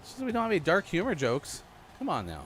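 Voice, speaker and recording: A man's voice: high-pitched, wildly swooping pitch, fast talker, fairly bright tone, slight background noise. A man hosting a casual morning show, chatty and laughing at his own jokes. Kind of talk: casual live-stream chat.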